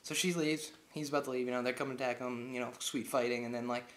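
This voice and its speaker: Young man, casual movie recap, rambling with lots of filler, mid-pitched voice, roomy echo. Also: steady tone, fast talker, fairly bright tone, slight background noise. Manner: rambling, heavy on filler words. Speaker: movie reviewer. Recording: echoey room.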